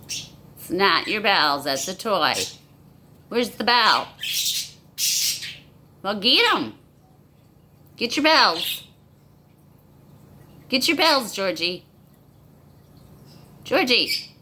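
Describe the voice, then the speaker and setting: A woman's voice: mid-range voice, big pitch swings, drawn-out words, long pauses, sharp tone. A woman coaxing her pets in a sing-song, baby-talk voice, recorded on a phone at home. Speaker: pet owner. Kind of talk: talking to pets. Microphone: phone camera.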